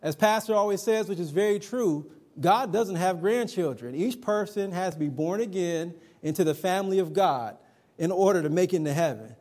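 A man's voice: high voice, expressive, moderate pace, a little mellow. A middle-aged man preaching a sermon to young people, chatty and emphatic, telling personal stories. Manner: conversational, personal anecdotes, emphatic.

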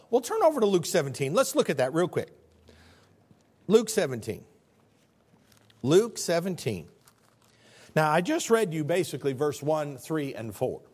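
A male pastor preaching a sermon with passion, dropping to quiet then rising to shouts, often repeating words as he builds. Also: on the high side. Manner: repeats words when fired up.

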